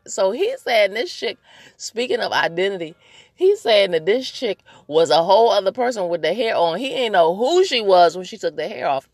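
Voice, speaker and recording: A woman's voice: mid-range voice, big pitch swings, normal speed, a little mellow, dry recording. A woman hosting her own podcast in a playful, chatty way, talking straight to her listeners and laughing often. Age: adult, married. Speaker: podcast host. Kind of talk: casual solo podcast chat.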